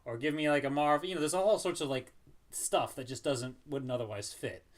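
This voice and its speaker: A man's voice: on the high side, fairly quick. Rambling man on a movie podcast. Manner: rambling, laughs often, many fillers. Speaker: podcast co-host. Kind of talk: casual movie review chat.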